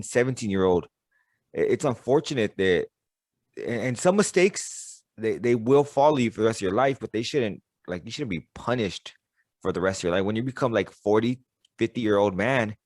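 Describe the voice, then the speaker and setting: In a casual interview conversation, a podcast host talks candidly and bluntly, cursing a lot and stammering through restarts. His voice is on the low side. The recording is dry, with clean studio sound.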